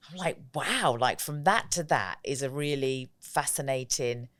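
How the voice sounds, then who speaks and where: A woman guest on a podcast, telling lively stories in casual conversation, often acting out what people said and laughing. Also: a bass voice, normal speed, no echo, clean studio sound. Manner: lively storyteller, acts out quotes, laughs often. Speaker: podcast guest, joy coach. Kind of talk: casual interview chat.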